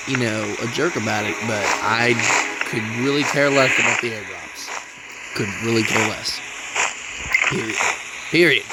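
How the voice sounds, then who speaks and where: A young man talks through his game in a loose, rambling way and cracks jokes at his own expense. His voice sits at an ordinary middle pitch. Loud background noise runs under everything he says. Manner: rambling, jokey, self-mocking. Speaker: gaming channel host. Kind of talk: casual gameplay commentary.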